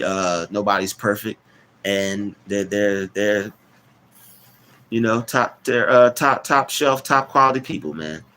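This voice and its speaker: A man hosting a casual live stream, rambling, repeating words and giving shout-outs to chat. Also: on the low side, slight background noise.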